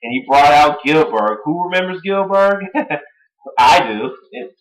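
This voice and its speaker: Young man, from Atlanta, fan vlog commentary, animated swooping pitch, laughs often. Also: takes it slowly, poor audio. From Atlanta, United States. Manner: excitable, laughs often while retelling. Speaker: wrestling fan vlogger.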